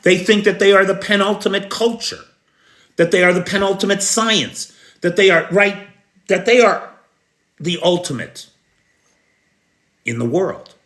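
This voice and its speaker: An American man delivers live news commentary and takes viewers' questions. His voice is bright and forward, and he speaks slowly, leaning hard on key words with indignant emphasis and the odd sarcastic jab. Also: high-pitched. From United States.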